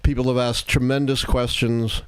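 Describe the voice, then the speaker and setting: An older man who hosts a live political talk stream, explaining history in a deliberate, measured way. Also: medium pitch, level tone, smooth, dry recording. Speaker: historian and show host.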